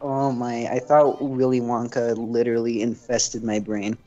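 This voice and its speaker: A man's voice: medium pitch, little pitch movement, unhurried, mellow, dull audio. A young man chatting casually with a friend, joking and wry. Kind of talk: casual chat.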